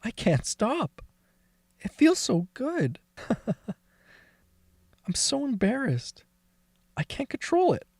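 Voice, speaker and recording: A man's voice: on the high side, very animated, takes it slowly, pauses often, darkish tone, no room sound, studio quality. An actor playing a crude, bitter man who has lost his memory after a brain injury, swearing constantly and crying in an audio drama. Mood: weeping. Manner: swears constantly, blunt and scornful. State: crying and laughing.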